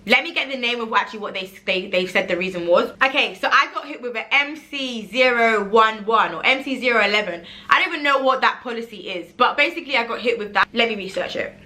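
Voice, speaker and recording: Young woman, casual vlog storytelling, bright voice, animated, acts out quotes. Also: a little high, quick pace, few pauses. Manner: animated, acts out her own quoted pleas, says like a lot. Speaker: online seller and vlogger.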